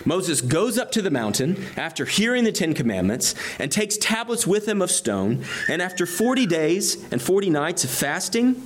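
A man's voice: high-pitched, big pitch swings, normal speed, few pauses. A man preaching an expository sermon, reading scripture aloud and explaining it verse by verse with rising emphasis on key phrases. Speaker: pastor.

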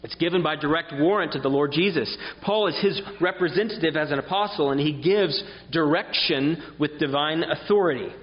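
A man's voice: a little high, fairly quick, few pauses. A man preaching a sermon in an earnest, emphatic, explanatory way. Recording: dull sound with long reverb in a hall.

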